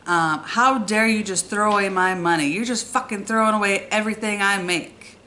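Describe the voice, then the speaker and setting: A woman voicing a burly man who yells at his daughter about his money. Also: medium pitch, moderate pace, a little hiss or hum, close to an everyday voice. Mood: angry, scolding. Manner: yelling, scolding. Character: angry burly man, loud and scolding.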